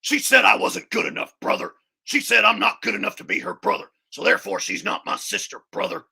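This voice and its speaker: Guy doing hoarse raspy wrestler hype talk, fast and preachy. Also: high-pitched, animated, pushed and bright, voice pushed up, full character voice. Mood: preachy, boastful. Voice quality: hoarse, half-whispered rasp. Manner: rapid preachy bravado, calls everyone "brother". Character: boastful male pro wrestler preaching to young fans.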